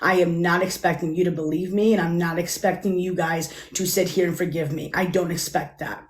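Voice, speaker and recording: Woman saying sorry real calm, keeps stumbling and repeating, echoey room. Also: lowish voice. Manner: halting, repeats herself, calm and earnest. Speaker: livestream guest. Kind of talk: public apology on a livestream.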